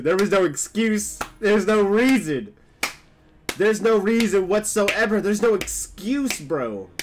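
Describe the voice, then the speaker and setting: A young man talking casually while livestreaming a game, loud and exaggerated, full of slang and mock complaints. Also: high voice. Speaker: game streamer. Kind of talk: casual gameplay livestream talk.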